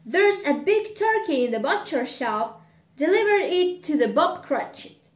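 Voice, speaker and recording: A woman reading an excitable old male miser aloud in an echoey room, calling out his lines loudly. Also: high-pitched, a little slow, pitched above the performer's own voice. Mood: joyful. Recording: roomy echo.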